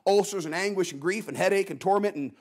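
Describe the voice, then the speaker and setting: Folksy animated man preaching. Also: high voice, fast talker. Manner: folksy, animated storytelling with acted-out quotes. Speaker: guest preacher. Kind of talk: Sunday evening sermon.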